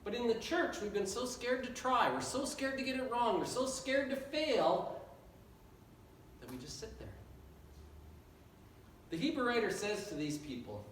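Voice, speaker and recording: A man's voice: extremely high pitch, very animated, measured pace, long pauses, slight background noise. A man preaching a sermon as pastor, earnest and repetitive, building rising appeals. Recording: echoey church hall from far off.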